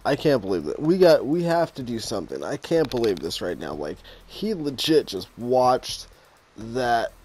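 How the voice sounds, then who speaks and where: A man in his thirties commentating his own football video game, swinging from muttered asides to loud, exasperated, swearing outbursts. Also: medium pitch, sing-song, normal speed, slight background noise. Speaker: gaming YouTuber playing a football video game. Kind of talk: casual live gameplay commentary.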